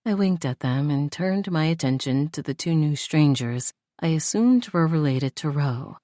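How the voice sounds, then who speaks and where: A woman's voice: low voice, moderate pace, few pauses, dark tone, no echo, clean studio sound. A woman narrating a first-person romance audiobook in an intimate, heartfelt way.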